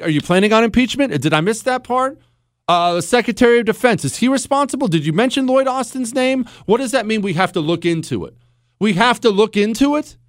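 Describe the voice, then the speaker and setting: A male radio host ranting bluntly on his talk show, his pitch swinging widely and sitting a bit high for a man. He is sarcastic and emphatic, recorded dry and close in a studio. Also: dry recording. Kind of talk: opinionated talk radio monologue. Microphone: studio microphone.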